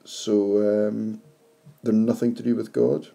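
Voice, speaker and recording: A man's voice: on the low side, flat delivery, slow, vocal fry, warm tone. A man, teaching poetry analysis to his class, reflective and posing questions to his students.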